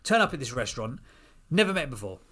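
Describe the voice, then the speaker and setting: A middle-aged man, a podcast guest, telling a personal story in an animated, casual way. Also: mid-range voice, husky. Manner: animated, quick storyteller with restarts.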